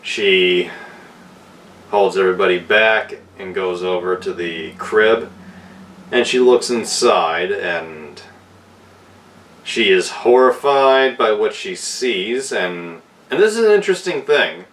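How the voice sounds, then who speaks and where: Low-voiced male reviewer, casual and unhurried, a bit off-mic. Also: animated, fairly bright tone, a little hiss or hum. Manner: unhurried plot retelling with fillers and restarts. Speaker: film reviewer. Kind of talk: casual spoken film review. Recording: voice distant from the mic.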